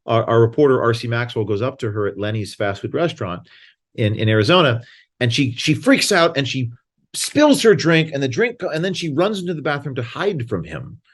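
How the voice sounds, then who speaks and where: A man in a relaxed conversation, speaking emphatically about his own experiences in a middle-pitched voice. He often stumbles and restarts mid-sentence as his thoughts run ahead. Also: fairly quick. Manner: emphatic, anecdotal, frequent restarts. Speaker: guest. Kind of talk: casual conversation.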